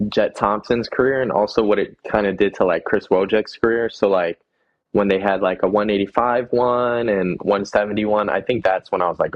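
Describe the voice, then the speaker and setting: Casting note: young man, guest athlete, low voice, halting and easygoing, lo-fi remote audio. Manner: hesitant, repeats words, laid-back. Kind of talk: casual interview answers.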